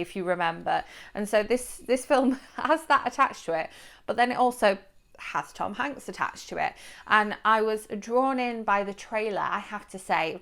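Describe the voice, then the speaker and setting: A woman talks through a film review to camera in a loose, chatty way. Her voice sits at an ordinary middle pitch, and she often stops on fillers and restarts her sentences as she goes. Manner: chatty, rambling with fillers and self-corrections. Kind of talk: casual spoken movie review.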